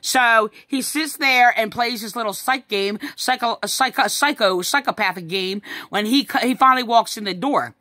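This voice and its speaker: A distressed woman telling her story to the camera in a halting, repetitive way, with many fillers and sighs. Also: on the high side, pushed and bright, no echo, studio quality. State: upset. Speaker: vlogger recounting a family incident. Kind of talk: distressed personal account to camera.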